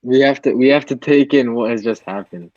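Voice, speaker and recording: A man's voice: mid-range voice, a little fast, a little mellow, no echo, muffled recording. A man calling into a live fan stream over a video call, emotional and rambling, often repeating himself. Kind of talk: casual video call chat.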